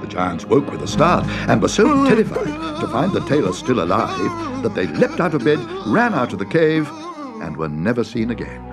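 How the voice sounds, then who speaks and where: A man reading a fairy tale aloud in an expressive, dramatic way. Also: medium pitch, moderate pace. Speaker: narrator. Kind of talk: storybook reading. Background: music.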